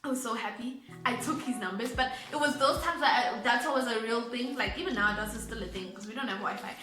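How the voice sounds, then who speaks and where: A young South African woman telling a story on her vlog, animated and giggly, laughing often. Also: on the high side, fast, echoey room. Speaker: YouTuber.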